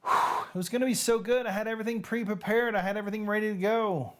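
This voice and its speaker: A man's voice: high voice, steady tone, fast, fairly bright tone. A man hosting a live-streamed reading show, chatting casually and joking straight to his viewers. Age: adult with nieces and nephews who have babies.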